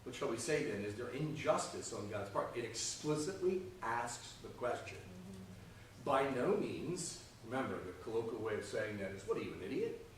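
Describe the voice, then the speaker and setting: A man's voice: medium pitch, lively intonation, normal speed, recorded from a distance, a little hiss or hum. Man teaching Sunday school in an echoey room. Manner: checks in often with "okay?" and "right?". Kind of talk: conversational Bible lesson. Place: church classroom.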